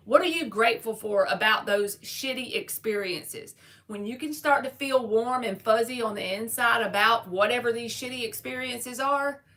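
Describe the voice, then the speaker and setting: A woman's voice: a little high, pushed and bright. A woman giving a live-stream tarot reading, talking casually and straight to her viewers in slangy everyday speech. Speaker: tarot reader.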